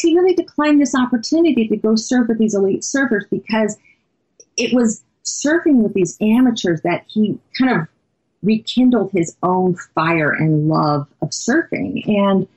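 A woman's voice: mid-range voice, poor audio. A woman guest on a podcast, telling a story animatedly and conversationally. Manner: animated, many "you know" fillers.

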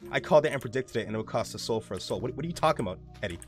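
A man's voice: mid-range voice, lively intonation, very fast, soft background music. A young man streaming a game live, rambling casually, reading chat aloud and swearing often.

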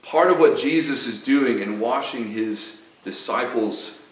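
A man's voice: medium pitch, a little slow. A man with a Southern US accent preaching an earnest, emphatic sermon as pastor, often repeating phrases for weight. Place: church sanctuary. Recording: echoey church sanctuary, voice from a distance.

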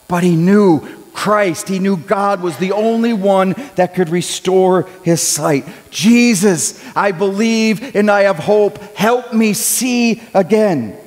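A man preaching a sermon as pastor, talking in a conversational way and growing loud when he acts out a cry for help. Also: sits high. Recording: long hall reverb.

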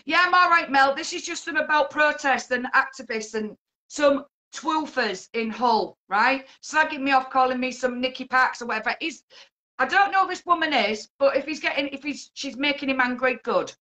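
A woman's voice: sits high, moderate pace. A woman hosting a live stream, arguing with a guest in a confrontational, sweary way. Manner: confrontational, swearing, shouting insults. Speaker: livestream host. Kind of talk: heated live-stream argument.

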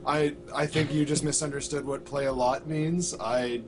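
A man's voice: fairly high pitch, fairly even intonation, moderate pace, noisy background. A man guest on a gaming chat stream, explaining a point in a dry tone.

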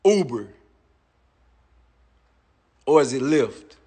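On a phone livestream, a man in his thirties boastfully taunts a rival with repetitive jabs. His medium-pitched voice is mellow and sing-song with drawn-out words, and the phone mic picks up long, echoey reverb.

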